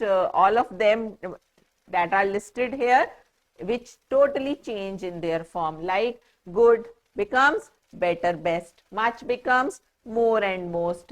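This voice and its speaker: A woman with an Indian English accent explaining a grammar lesson, patiently spelling out words letter by letter and checking understanding with "right?". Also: on the high side. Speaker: teacher.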